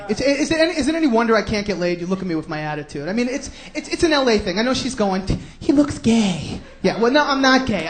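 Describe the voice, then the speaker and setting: Brash stand-up comic with a New York accent. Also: male voice, very high voice. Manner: brash, sarcastic ranting with sudden shouts. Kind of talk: stand-up comedy routine.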